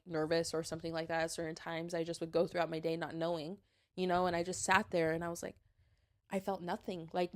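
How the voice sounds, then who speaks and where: Young woman, podcast host, earnest, confessional, casual filler-heavy talk. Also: fairly low pitch. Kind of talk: candid personal podcast talk.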